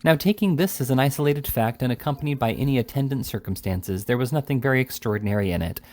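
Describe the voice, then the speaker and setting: Rich: A man reads a classic novel aloud in an unhurried amateur style. He sometimes stumbles over a word and goes back to fix it. His voice sits at a middling pitch. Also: lively intonation, a little mellow. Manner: slightly halting, correcting slips. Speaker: reader. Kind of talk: audiobook reading of a classic novel.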